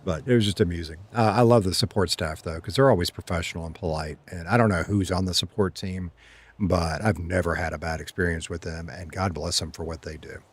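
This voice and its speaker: A man's voice: sits low, a little fast, husky. A man streaming a roleplay game, chatting casually with his chat and reading messages aloud. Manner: chatty, reads chat aloud, laughs easily.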